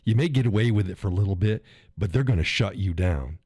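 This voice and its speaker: A man's voice: lowish voice, lively intonation, fast, a little mellow, breathy edge, dry recording, clean studio sound. A man hosting a casual live stream, reading chat messages aloud, swearing often and laughing between lines.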